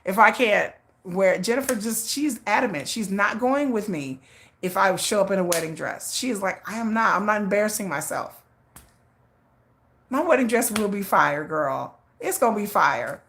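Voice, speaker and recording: A woman hosting a casual livestream, telling stories with lively swings in her voice, acting out her friend's lines and answering viewer chat. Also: medium pitch, moderate pace, slight background noise. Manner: animated storytelling, acting out a friend's lines, frequent laughs. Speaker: livestream host.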